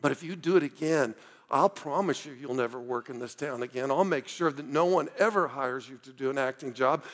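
A man's voice: medium pitch, fairly quick, long reverb tail, close to an everyday voice. A man voicing a stern male theater director who gives a firm warning, told as part of a sermon story.

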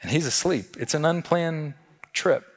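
A man's voice: on the high side, a little slow, long reverb tail. A man preaching a sermon as a pastor, talking conversationally and asking the congregation rhetorical questions.

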